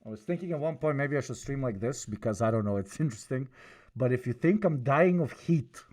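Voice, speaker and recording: Male stream host, cloth mask on, casual profane reaction talk, very animated pitch. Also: a little fast. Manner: profane, rambling, laughs often. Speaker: livestream host. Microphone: speaking through a cloth mask.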